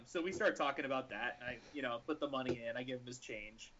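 A man's voice: medium pitch, fast talker, heavy background noise. A man on a casual podcast, telling a story and acting out the dialogue. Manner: animated, acts out the dialogue in his story. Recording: lo-fi podcast audio.

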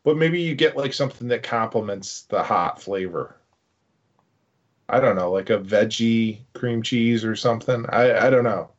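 A man's voice: medium pitch, normal speed. Man, medium voice, rambling hesitant podcast host, muffled lo-fi sound. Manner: rambling, hesitant, lots of fillers. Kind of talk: casual podcast banter. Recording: muffled lo-fi audio.

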